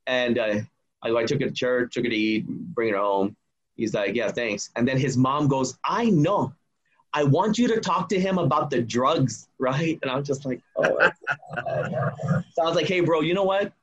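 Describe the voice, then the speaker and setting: Husky-voiced man telling a story. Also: medium pitch, moderate pace, muffled recording. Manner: animated, acts out quoted dialogue. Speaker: guest telling a personal story. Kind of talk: casual storytelling.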